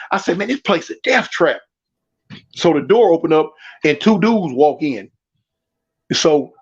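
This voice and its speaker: A man with a Californian accent, casually telling funny stories and acting out the voices of the people in them. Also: sits high. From Southern California. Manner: animated, laughing, acts out quoted voices. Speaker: storyteller guest. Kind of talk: casual storytelling. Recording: dull lo-fi stream audio.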